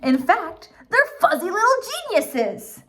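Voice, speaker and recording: Lively, unhurried woman reading a storybook. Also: very high-pitched. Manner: playful, with asides to young listeners. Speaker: children's book reader. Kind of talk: picture book read-aloud.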